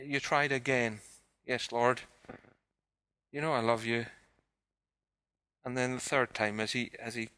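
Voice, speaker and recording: Earnest preacher with a bright voice. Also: male voice, medium pitch, no room sound. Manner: earnest, repeats questions to the congregation, quotes scripture in a quieter voice. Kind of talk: sermon.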